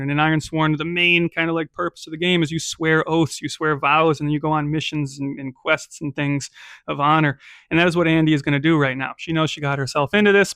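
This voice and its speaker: A man's voice: fairly high pitch, a bit bright, dry recording, studio quality. A man narrating a solo tabletop game as game master, casual and chatty, often checking in with "right?".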